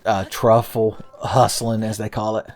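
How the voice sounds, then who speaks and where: A man's voice: on the low side, level tone, measured pace, darkish tone, soft background music. Man joking through game commentary. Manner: joking, rambling, swears freely, laughs often. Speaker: let's play host. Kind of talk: casual gameplay commentary.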